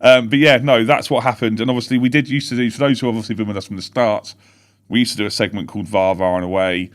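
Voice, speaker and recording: A man co-hosting a football fan podcast from home, telling match events in a rapid, rambling way. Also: lowish voice, fairly even intonation. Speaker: podcast co-host. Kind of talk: casual live-stream chat.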